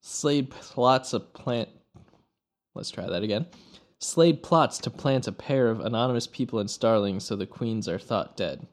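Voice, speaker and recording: A man's voice: mid-range voice, expressive, a little slow. A man hosting a casual podcast, joking around and summarizing loosely. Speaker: podcast host.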